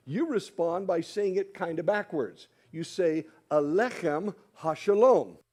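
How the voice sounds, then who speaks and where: A man with a high-pitched, somewhat dark voice gives sermon-style teaching at a church dinner in a hall full of people. He's friendly, coaxing the audience to repeat after him.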